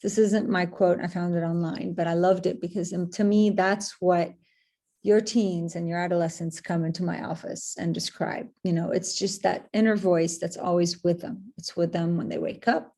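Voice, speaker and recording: A woman's voice: lowish voice, steady tone, normal speed, mellow. A woman therapist giving an earnest webinar talk to parents, repeating points and saying "you know" and "um" often.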